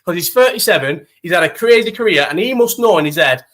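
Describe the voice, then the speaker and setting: A man's voice: sits high, fast. A young man chatting casually on a live stream, telling stories with lots of swearing and slang. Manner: animated storytelling, heavy swearing, slang. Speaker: live chat host.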